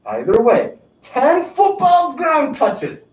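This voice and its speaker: Yoga instructor, lively pitch, slow unhurried counting, echoey room, distant mic, faint background noise. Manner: counting out reps, upbeat encouragement. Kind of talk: guided exercise class.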